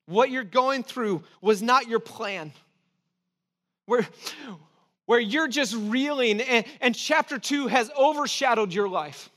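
A man preaching a sermon in a conversational, emphatic way, with restarts and asides, sometimes dropping to soft encouragement. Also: very high-pitched, slow. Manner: drops to soft, intimate encouragement. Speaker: pastor.

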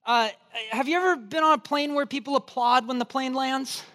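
A man preaching a sermon as pastor, telling a humorous story in an animated, joking way. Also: very high voice, normal speed. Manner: animated, joking storyteller, acts out quoted voices.

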